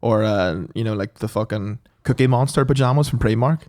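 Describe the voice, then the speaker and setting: A man's voice: lowish voice, a little mellow. A young man with a Northern Irish accent, trading crude, dry quips in a casual podcast chat. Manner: quick dry quips, swearing.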